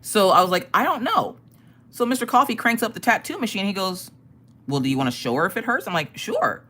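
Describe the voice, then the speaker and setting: A woman chatting casually on her live stream, telling stories in an animated, profane way and laughing often. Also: medium pitch, quick pace.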